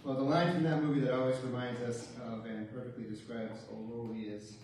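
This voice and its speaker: A man's voice: mid-range voice, flat delivery, fairly quick, few pauses, background noise. A man giving a eulogy for his father in a church, telling humorous stories with a wry, chuckling manner. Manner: wry storytelling with light chuckles. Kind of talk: funeral eulogy with humorous anecdotes. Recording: very echoey church, distant mic.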